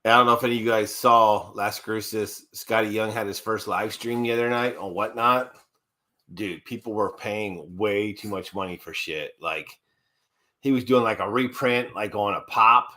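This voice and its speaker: Co-host, man, bright forceful voice, profane and blunt, casual livestream banter. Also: fairly low pitch, moderate pace.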